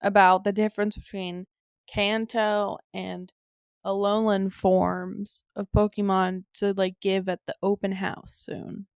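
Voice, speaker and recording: A woman's voice: mid-range voice, level tone, takes it slowly, clean tone, no room sound, studio quality. A woman co-hosting a podcast in casual chat, laid-back and easily amused. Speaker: podcast co-host.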